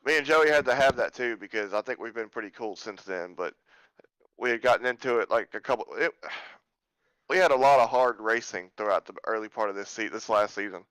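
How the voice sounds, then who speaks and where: A man's voice: fairly low pitch, fairly quick, fairly bright tone, clean tone, no echo, low-quality recording. A man who drives in a sim racing league, chatting casually on a podcast and telling stories in an easygoing way. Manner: easygoing, storytelling.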